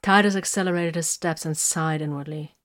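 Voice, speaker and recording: A woman reading a story aloud in even, measured audiobook narration. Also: low voice.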